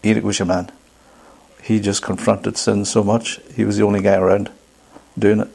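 Male pastor, low and gravelly, emphatic sermon delivery that questions the congregation. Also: flat delivery, unhurried, pauses often, darkish tone.

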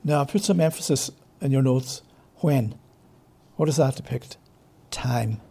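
This man's mellow, husky mid-range voice carries some vocal fry as he teaches an expository Bible study. Emphatic throughout, he draws out important words slowly and answers his own rhetorical questions.

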